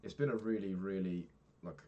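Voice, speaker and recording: A young vlogger in his twenties talks frankly through a rambling daily vlog, swearing casually and filling gaps with ums. His voice sits low at normal speed, and the audio is narrow and tinny with background noise.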